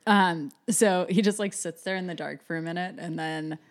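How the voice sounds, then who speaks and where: A woman's voice: lowish voice, fairly even intonation, moderate pace. Chatty sarcastic woman podcast co-host. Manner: chatty, sarcastic, acts out lines from scenes. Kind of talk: casual chat recapping a TV episode.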